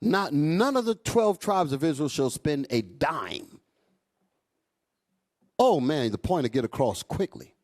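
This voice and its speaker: A man's voice: measured pace, long pauses. A man preaching a fiery, profane sermon to his congregation, calling out to them as he goes. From United States. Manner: loud, animated, swings high and low, profane, asks crowd "y'all all right?".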